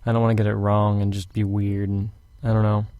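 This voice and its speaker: Speaking fairly quickly in a low, smooth voice, a young man narrates a fantasy novel for a homemade audiobook from a hot room. The sound is dry but narrow and tinny, and a rambling, casual intro comes before his steady reading.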